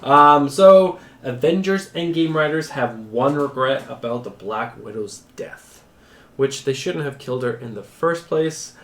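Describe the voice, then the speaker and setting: Male co-host, casual and relaxed, reads news and riffs; average pitch; echoey room sound. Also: unhurried. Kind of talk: casual chat about comic book news.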